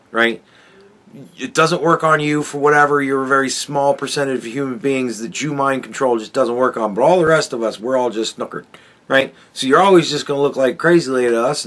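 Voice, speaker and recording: A man's voice: medium pitch, fairly bright tone. A man hosting a solo commentary podcast, ranting in a profane, sarcastic, exasperated way. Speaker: podcast host.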